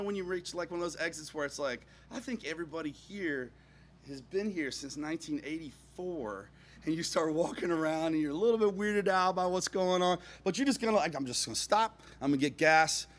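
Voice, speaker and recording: A man telling a funny personal anecdote, expressive, dropping into hushed asides and rising to near-shouts, chuckling as he goes. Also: on the high side, fairly quick. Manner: chuckles through his own story. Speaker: storyteller.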